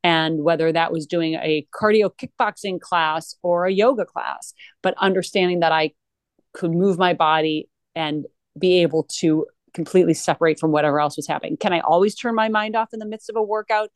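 A woman's voice: on the low side, fairly quick, dry recording. A woman guest talking earnestly in a conversational interview, with frequent restarts. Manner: earnest, animated, with many restarts.

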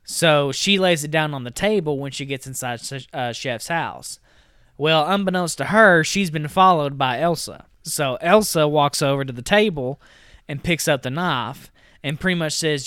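A man co-hosting a movie podcast retells a plot in a loose, chatty way, full of "like" and "you know." His voice is bright and clear. It sits close and dry on the mic. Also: fairly high pitch, dry recording. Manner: retells scenes with quick quoted voices, many fillers. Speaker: podcast co-host. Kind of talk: casual movie recap.

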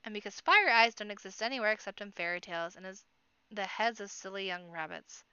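A woman's voice: medium pitch, expressive, fast talker, sharp tone, smooth, dry recording, dull audio. A woman voicing an old, wry rabbit bard who mutters knowing put-downs.

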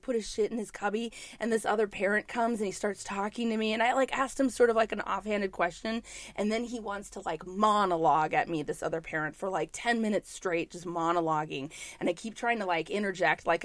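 A woman in her thirties from New York, telling a story in casual chat, tense and quick to swear as she acts out the people in it. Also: medium pitch, no echo.

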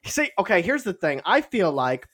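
A man's voice: sits high, very animated, normal speed, a bit bright, slightly rough. A man with a Southern US accent, telling playful stories in a casual chat and giggling often.

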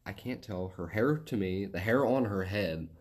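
A man's voice: on the low side, moderate pace, darkish tone. A man from West Virginia with a Southern accent, rambling and swearing his way through casual chat as a podcast co-host. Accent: Southern American. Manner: rambling, profane storytelling.

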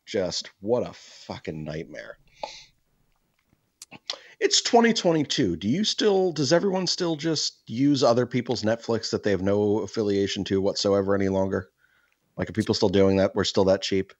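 A man's voice: lowish voice, lively intonation, moderate pace, no echo, highs cut off. A man hosting a podcast, telling long, profane, rambling stories full of restarts and asides. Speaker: podcast host. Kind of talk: casual podcast chat.

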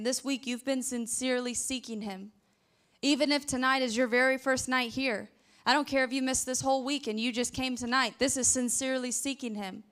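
A young woman preaching a sermon, animated, acting out frantic prayers and stories. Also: sits high.

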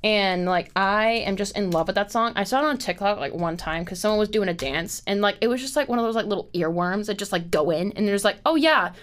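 A woman's voice: medium pitch, quick pace, hardly any pauses. A young woman in her twenties hosting a podcast, chatting casually, full of fillers and swearing. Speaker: podcast host. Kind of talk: casual chat.

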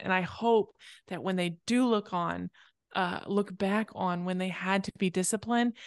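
A woman's voice: mid-range voice, clean tone, dry recording. A woman in her thirties speaks earnestly in a casual faith conversation, reflecting on a personal story. Her voice sits in a middle range and comes across dry and close, with no room sound. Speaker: podcast co-host.

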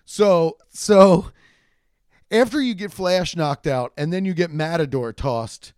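A young man telling a rambling, profane comedic story, acting out the people in it with shouted quotes. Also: fairly high pitch, takes it slowly, smooth, dry recording, studio quality.

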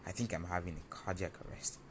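A man telling a first-person story in an animated, confessional, self-mocking way. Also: deep voice, fast talker, background noise.

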